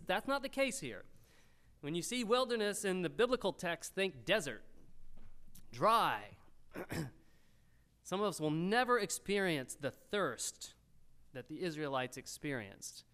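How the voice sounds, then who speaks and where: A male pastor delivering a sermon in a clear, resonant voice that sits a bit higher than most men's. His pitch swings widely, and he turns loud and animated whenever he acts out the people in the story. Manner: animated, rises loud when quoting the crowd.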